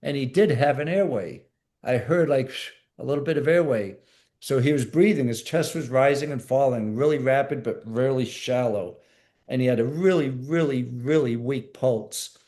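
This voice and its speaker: Male guest, ex-military medic, warm mellow tone, plain-spoken storyteller who repeats himself. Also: medium pitch, moderate pace. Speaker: podcast guest, former Navy SEAL medic. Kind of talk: storytelling interview.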